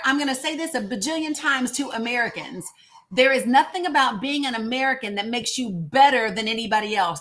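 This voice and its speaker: A woman's voice: high voice, fairly bright tone. A woman hosting a political livestream, talking bluntly to her viewers and swearing. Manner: blunt, profane, addresses viewers directly. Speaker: host.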